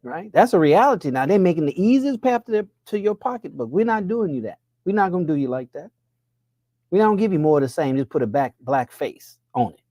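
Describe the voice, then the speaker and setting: A man preaches about money, his pitch leaping up whenever he fires off a rhetorical question. The sound is close and dry, with no room around it. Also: sing-song, brisk, mellow, no room sound. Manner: preacher-like, rhetorical questions, pitch swings up when pressing a point. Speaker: money coach. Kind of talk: preaching motivational talk.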